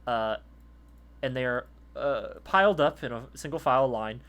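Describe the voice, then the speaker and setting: A man's voice: medium pitch, a little slow, a bit bright, smooth, highs cut off. A man narrating a tabletop game as game master in a casual, profane way. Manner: casual, profane, laughs easily.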